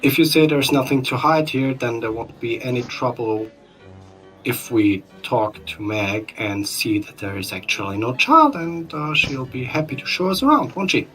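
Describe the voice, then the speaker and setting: A man speaking as his character in a tabletop game, pushy and dryly sarcastic. Soft music plays underneath. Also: medium pitch, moderate pace, poor audio. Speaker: player.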